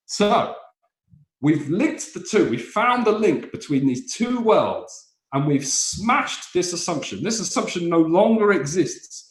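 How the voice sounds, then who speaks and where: In an echoey room, a high-pitched, very animated man speaks unhurriedly while teaching stand-up comedy in a live online session. He explains how jokes are structured and acts out silly little voices.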